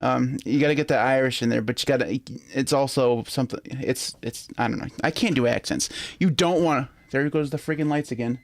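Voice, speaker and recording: A man's voice: mid-range voice, a little fast, hardly any pauses. A man from Michigan with a Michigan accent, co-hosting a podcast in a casual chat, swearing lightly and laughing often. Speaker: podcast co-host.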